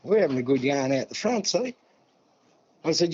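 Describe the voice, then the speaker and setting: An older man from New South Wales with an Australian accent, telling a long story in a relaxed interview and acting out the dialogue. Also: fairly high pitch, moderate pace, slightly rough. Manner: yarning, acts out dialogue, many "see?" and "mate". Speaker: guest elder. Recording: dull lo-fi sound.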